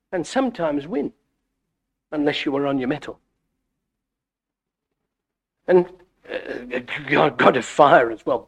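A middle-aged man preaching a sermon, animated and full of stammered restarts. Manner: animated, wide swings in pitch and loudness, frequent stammered restarts. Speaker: visiting preacher.

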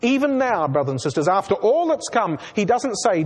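A man's voice: sits high, sing-song, normal speed, breathy edge. A man preaching an expository sermon, speaking earnestly and asking the congregation rhetorical questions. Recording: long hall reverb.

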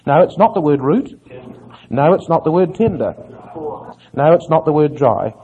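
Male preacher, fairly high voice with a husky edge; earnest expository sermon, muffled lo-fi recording. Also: lively intonation, moderate pace, warm tone. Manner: earnest, questions the audience and answers himself.

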